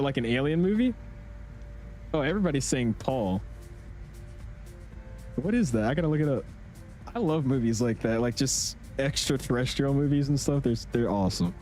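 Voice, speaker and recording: A young man streaming a flight simulator, chatting casually in an excitable, rambling way full of slang. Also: mid-range voice. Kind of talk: casual livestream chat.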